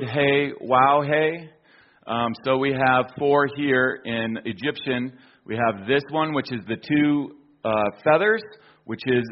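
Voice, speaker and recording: A man from the United States talks through a slideshow in a loose storytelling way, full of ums and restarts. His voice sits at an ordinary pitch. The recording is dull and lo-fi, with the top end rolled off. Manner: storytelling with fillers and restarts, chuckling. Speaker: speaker presenting an archaeology slideshow. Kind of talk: casual illustrated talk.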